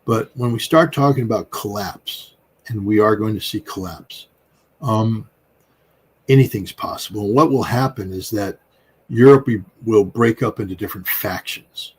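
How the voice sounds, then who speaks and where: This guest commentator is a middle-aged man from the United States whose husky voice sits on the low side and moves at a moderate pace. His political commentary is conversational, rambling and emphatic, riddled with fillers and restarts.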